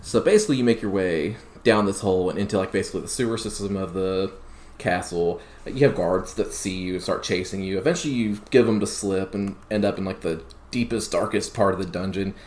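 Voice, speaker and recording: Low-voiced male co-host, easygoing storyteller, roomy mic sound. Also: a little fast, darkish tone. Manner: laid-back storytelling with laughs. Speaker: podcast co-host. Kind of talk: casual gaming podcast recap. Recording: roomy with faint noise.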